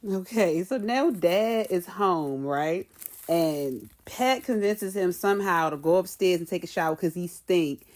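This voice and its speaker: A woman chatting through a TV episode recap in a casual commentary. She tells it as a lively storyteller, slipping into the characters' voices and laughing along the way. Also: fairly low pitch, measured pace. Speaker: TV show commentator.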